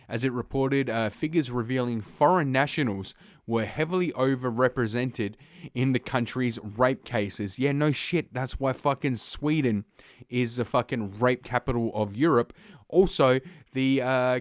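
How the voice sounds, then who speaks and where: A man's voice: medium pitch, smooth, no room sound, clean studio sound. A man who hosts a podcast, reads news items aloud and breaks off into blunt, profane, scornful rants full of uhs. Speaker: podcast host. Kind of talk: reading news aloud with ranting commentary.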